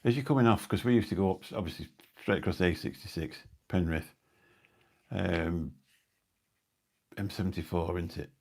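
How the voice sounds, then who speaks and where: A man's voice: low-pitched, normal speed, creaky, a little mellow, husky. A middle-aged man hosting a live stream, chatting indoors at home in a rambling, anecdotal way with dry asides. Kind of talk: casual rambling chat. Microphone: new phone or mic on a live stream.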